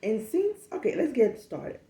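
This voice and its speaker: A woman telling stories in casual talk, animated and profane, acting out the people in them. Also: fairly high pitch, unhurried, gravelly, roomy sound. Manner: animated, profane, acts out the people in her story. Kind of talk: casual storytelling.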